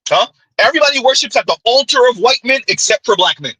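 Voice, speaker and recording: Bright-voiced sarcastic man ranting. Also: extremely high pitch, lively intonation, fast, husky, no room sound, poor audio. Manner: sarcastic, mocking, heated. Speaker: commentary channel host. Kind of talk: opinion commentary rant.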